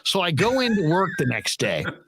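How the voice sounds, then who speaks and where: A middle-aged male host telling a story in casual podcast chat, animated and swearing freely. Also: on the high side, a little fast, gravelly, slight background noise.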